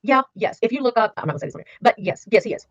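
A woman in her sixties recounts her life in a candid interview, talking at a rapid clip and repeating words for emphasis. The sound is dry and a little dull, as from a modest lo-fi setup. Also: fairly high pitch, expressive, dry recording. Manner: emphatic, fast, repeats key words for weight. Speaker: interview guest. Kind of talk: candid personal storytelling interview.

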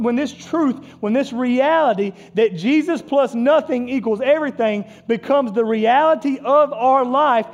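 High-voiced man preaching with passion. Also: a little mellow, highs cut off. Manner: impassioned preaching, rising and falling intensity. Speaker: pastor. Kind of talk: sermon.

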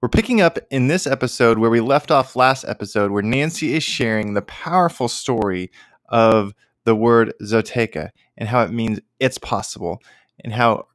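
A man's voice: mid-range voice, no echo, studio quality. A man hosting a podcast, reading a scripted intro with emphatic, rising promo delivery. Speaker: podcast host.

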